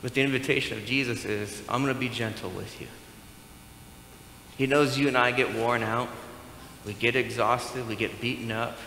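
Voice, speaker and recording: A man's voice: medium pitch, fairly even intonation, moderate pace, pushed and bright, a little hiss or hum. Conversational man preaching in an echoey hall. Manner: conversational, asks the congregation questions. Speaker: pastor. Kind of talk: sermon. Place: church sanctuary.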